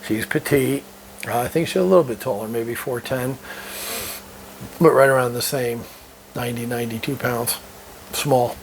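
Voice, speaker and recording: Middle-aged guy ranting casually, gravelly voice, cusses a lot, faint hiss behind him. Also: mid-range voice, moderate pace, long pauses, rough recording. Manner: blunt, profane, laughing between remarks. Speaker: vlogger. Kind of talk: casual monologue. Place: living in Thailand.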